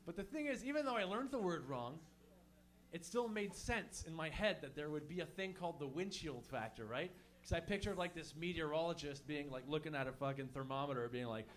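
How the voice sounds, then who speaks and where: A man's voice: on the high side, animated, normal speed, a bit bright. A man from Montreal doing a stand-up set, loose and profane, chatting with the crowd between jokes. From Montreal, Canada. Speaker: stand-up comedian. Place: comedy show in a small venue.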